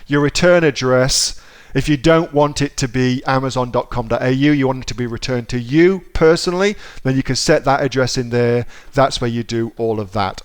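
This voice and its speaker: A man with a mid-range voice, an online seller, gives a casual screen-share tutorial about selling online. He's chatty, repeats himself, and swears offhandedly.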